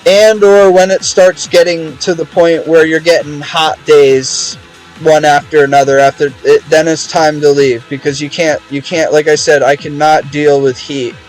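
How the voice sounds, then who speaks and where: A man's voice: on the high side, level tone, normal speed, soft background music, rough recording. A young man streaming a game, chatting casually in a rambling, profane way with many restarts. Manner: rambling, profane, repeats words.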